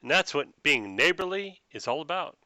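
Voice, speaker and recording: Guy putting on a rambling old farm lady, tipsy and suspicious, bright voice that swoops around, dry sound. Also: fairly high pitch, big pitch swings, moderate pace, dry recording, voice pushed up, heavily acted. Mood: ominous. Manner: folksy, rambling, gruff about meddlers. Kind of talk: tabletop role-play voice.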